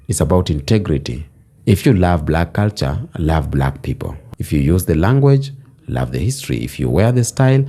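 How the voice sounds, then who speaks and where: A man's voice: sits low, expressive, moderate pace, dark tone. A man delivering a passionate vlog monologue, emphatic, building his points with repeated phrases in a preaching cadence. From Kenya. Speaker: vlogger. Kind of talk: passionate social commentary monologue.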